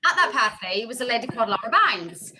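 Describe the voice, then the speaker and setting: A woman's voice: on the high side, brisk, very noisy. A woman speaking from home, casually sharing sales tips on a group call, chatty and full of asides. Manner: chatty, self-interrupting, animated storytelling. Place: home room.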